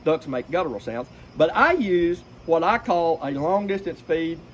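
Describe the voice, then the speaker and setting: A middle-aged duck-calling expert with a slightly high voice explains things in a folksy, lively, casual way at a moderate pace, stopping to demonstrate duck calls. Noticeable background noise runs beneath the recording.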